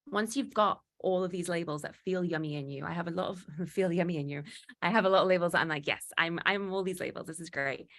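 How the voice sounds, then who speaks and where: A woman giving a motivational talk, animated and acting out quoted exchanges, with frequent restarts. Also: lowish voice. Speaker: guest speaker.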